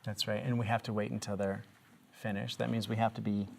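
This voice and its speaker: A middle-aged woman teaching a reading lesson to young children, patient and encouraging, asking one gentle question after another. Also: rumbling low, level tone, brisk, creaky, slight background noise.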